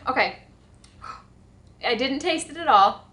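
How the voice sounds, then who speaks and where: A woman's voice: fairly high pitch, lively intonation, moderate pace, long pauses, pushed and bright. Chatty young woman in an echoey kitchen. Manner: chatty, nervous, with restarts and giggles. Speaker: homestead vlogger. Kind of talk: casual kitchen vlog. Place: home kitchen.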